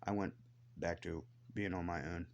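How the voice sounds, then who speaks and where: A man's voice: low-pitched, fairly even intonation, normal speed, muffled recording. A man ranting to the camera in a blunt, defiant way, swearing heavily as he tells his grievances. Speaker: vlogger. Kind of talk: angry profane rant to camera.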